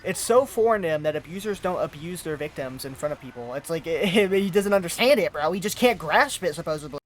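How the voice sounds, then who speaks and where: High-voiced exasperated male commentator. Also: expressive, fast. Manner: exasperated, mocking, says "bro" a lot. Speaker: commentary host. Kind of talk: reaction commentary.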